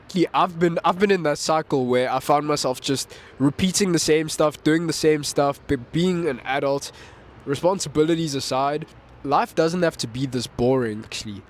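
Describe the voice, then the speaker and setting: A man's voice: medium pitch, slight background noise. A man, a musician making a vlog, talking in a casual, rambling way with frequent laughs and restarts, outdoors. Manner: rambling, self-correcting, laughs often. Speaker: musician vlogger. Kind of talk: casual reflective monologue. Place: outdoors in a town with birds.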